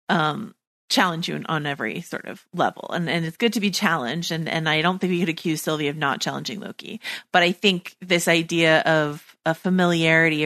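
A woman's voice: low-pitched, a bit bright, no echo, clean studio sound. A woman hosting a casual podcast conversation, enthusiastic, searching for words with many likes and ums.

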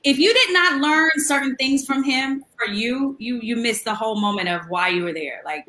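A woman's voice: on the high side, normal speed, pushed and bright, reverberant. A woman guest on a video call, chatting casually and acting out remembered conversations. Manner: chatty, acts out quoted exchanges. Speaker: podcast guest.

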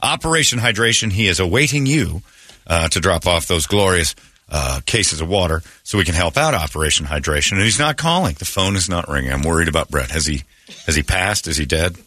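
A man's voice: low-pitched, brisk, no room sound, clean studio sound. A man hosting a morning radio show, joking and telling stories in casual banter. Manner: joking storyteller, animated retelling. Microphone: studio microphone.

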